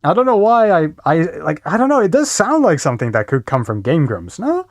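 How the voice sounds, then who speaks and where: A male streamer reacts to videos in a lively, swinging voice, laughing and swearing freely. His sound is dry and close to the mic. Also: fairly high pitch, fairly quick, dry recording.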